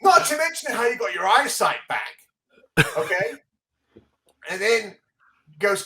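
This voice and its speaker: A man hosting a casual comic book podcast, excitedly walking through the pages and laughing often. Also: sits high, unhurried, pauses often, a little hiss or hum. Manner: excitable, laughing often, reads dialogue aloud. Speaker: comic book show host. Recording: echoey room.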